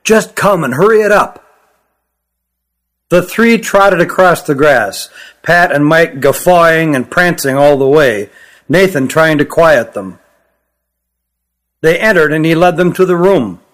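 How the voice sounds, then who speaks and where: Man reading an audiobook, fairly high voice. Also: lively intonation, unhurried, a bit bright. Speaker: author narrating his own book. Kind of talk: audiobook narration.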